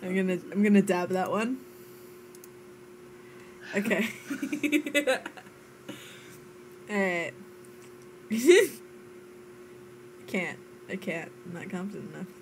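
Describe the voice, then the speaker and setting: A woman's voice: mid-range voice, animated, takes it slowly, pauses often, slight background noise. A woman streaming a video game, chatting playfully with friends and laughing at herself. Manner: playful, giggly, self-teasing. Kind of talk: casual chat while live-streaming a game.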